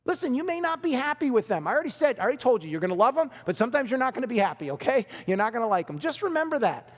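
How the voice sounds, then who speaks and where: Male pastor, high voice, emphatic repeated phrases, church sermon, long hall reverb. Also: big pitch swings, rapid-fire. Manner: emphatic, repeats key phrases, laughs with the congregation.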